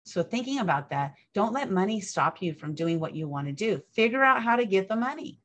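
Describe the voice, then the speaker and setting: A woman's voice: medium pitch, very animated, a little fast, fairly bright tone. A woman hosting an online event, chatty and upbeat, rambling with fillers. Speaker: event host.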